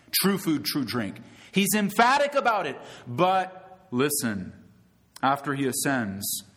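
A man's voice: mid-range voice, fairly bright tone. A man preaching a sermon to his congregation, emphatic, calling them friends and asking rhetorical questions, with rising bursts on key words. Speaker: pastor.

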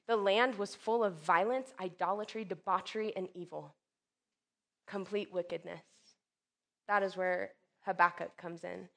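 A woman preaching a sermon, expressive, swinging from loud emphatic lines to soft hushed ones and acting out quoted speech. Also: mid-range voice. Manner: acts out quoted speech with sudden bursts.

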